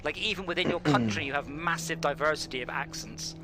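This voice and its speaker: British male streamer, slightly high voice, excitable, steady engine hum behind. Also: brisk. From Britain. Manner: excitable, bursts into loud shouts at other drivers. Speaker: stream host and server admin. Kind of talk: casual live-stream chat while sim racing.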